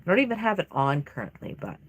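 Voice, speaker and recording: A woman's voice: lowish voice, very animated, fast talker, slight background noise. A woman chatting casually and emotionally on a livestream from her home craft room while she paints, rambling with many fillers. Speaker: reborn doll artist livestreaming. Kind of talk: casual live-stream chat while painting.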